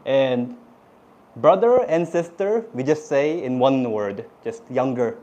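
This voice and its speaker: A middle-aged man with a Korean accent, whose first language is Korean, teaching Korean words to a class in a lively way. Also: mid-range voice, slow, dull audio. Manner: animated, switches into cute playful put-on voices for examples.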